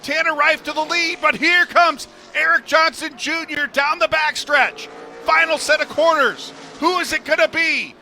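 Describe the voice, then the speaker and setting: A man calling a stock car race live, building excitement toward the finish. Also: very high-pitched, normal speed, slight background noise. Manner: excited, rising to shouts at the finish. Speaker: race commentator.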